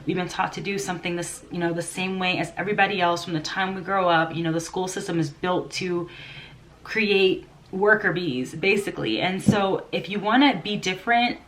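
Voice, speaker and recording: A woman's voice: on the low side, normal speed, a bit bright. A congested woman chatting in a rambling, unedited home vlog, laughing often. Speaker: vlogger. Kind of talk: casual unedited vlog chat.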